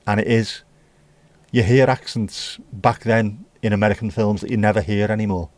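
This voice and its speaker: A man's voice: on the low side, steady tone, moderate pace, darkish tone, dry recording. A British man hosting a casual livestream, reading out viewer comments and chatting about them in an opinionated, mildly profane way. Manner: reads viewer comments aloud and riffs on them. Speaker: livestream host.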